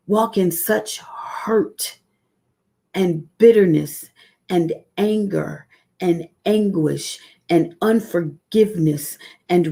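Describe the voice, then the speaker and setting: A woman's voice: on the low side, vocal fry, a little mellow. A woman giving an earnest, emotional devotional testimony to a live-stream audience, stretching out key words and coming close to tears. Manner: earnest, personal, drawn-out emphatic phrases. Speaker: devotional speaker.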